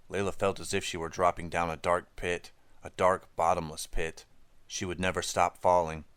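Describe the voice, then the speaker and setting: A man narrating an audiobook in an even, measured storytelling manner. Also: sits low, clean tone, no room sound.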